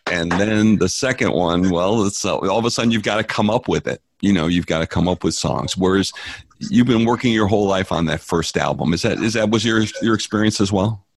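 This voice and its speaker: A male host asking relaxed, thoughtful questions in an interview. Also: low voice, brisk, gravelly, no room sound. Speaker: podcast host.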